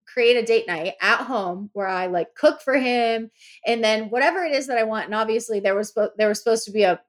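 A woman co-hosting a casual podcast chat, telling a story and acting out the lines with big jumps in her voice. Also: a little fast. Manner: animated, acts out quoted lines with big pitch jumps. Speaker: podcast co-host.

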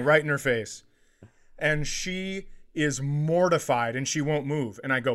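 A middle-aged man doing stand-up storytelling. He tells the tale in a slightly high voice and jumps into the voices of the people in it. His delivery is animated and conversational. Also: brisk. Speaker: comedian.

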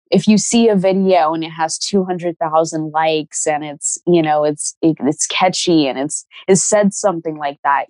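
A young woman with a lowish voice chats as a podcast guest. She talks in a loose, meandering way and stops to restart her sentences often. The sound is dry and close to the mic. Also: dry recording. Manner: relaxed, rambling, many fillers and restarts. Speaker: podcast guest, crystal expert. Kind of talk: casual podcast conversation.

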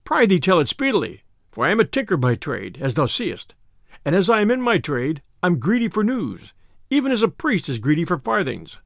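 A man's voice: high voice, wildly swooping pitch, brisk, vocal fry, fairly bright tone, no room sound, studio quality, heavily acted. A man doing a blustering hot-tempered tinker. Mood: boastful. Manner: blustering, archaic speech. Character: gruff boastful male tinker, hot-tempered, old-fashioned speech.

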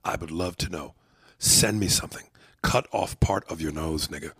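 A man's voice: extremely low pitch, moderate pace, a bit bright, slightly rough, dry recording, studio quality. A man hosting a podcast, talking in loose, profane, joking banter and reading out listener mail. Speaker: podcast host. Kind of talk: casual podcast chat.

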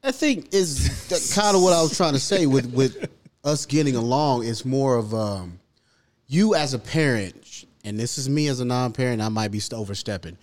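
A man's voice: mid-range voice, expressive, normal speed, a little mellow. A man co-hosting a podcast, arguing in a profane, casual chat. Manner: argumentative, profane. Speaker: podcast co-host.

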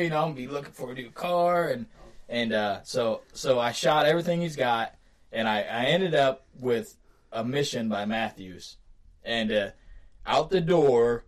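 A man casually telling a long, excited hunting story on a podcast, laughing often and getting animated. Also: mid-range voice.

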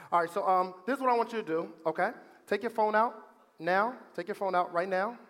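A man's voice: high voice, normal speed, a bit bright. A man hosting a live seminar, playful and commanding, giving the audience instructions and teasing them. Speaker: seminar host and coach.

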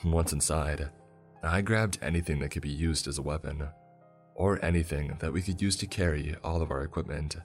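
A man narrating a first-person horror story in a steady storytelling voice. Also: a bass voice, normal speed, faint music behind.

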